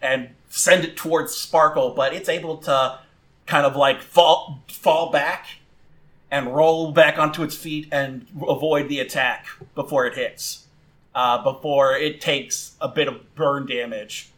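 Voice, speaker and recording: A man's voice: medium pitch, steady tone, a little slow, fairly bright tone. A man narrating a tabletop game as game master, with loose, restarting delivery and fillers.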